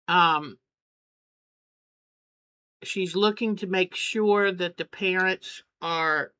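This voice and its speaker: A woman's voice: fairly low pitch, extremely slow, pushed and bright, no room sound. A middle-aged woman hosting a quilting channel, chatting and gushing as she shows family photos. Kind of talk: casual chat while showing photos.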